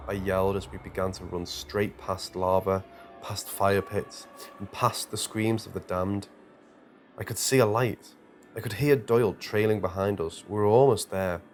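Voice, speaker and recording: A man narrating a true scary story with dramatic, tense delivery. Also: low-pitched. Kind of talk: scripted horror narration. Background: quiet music.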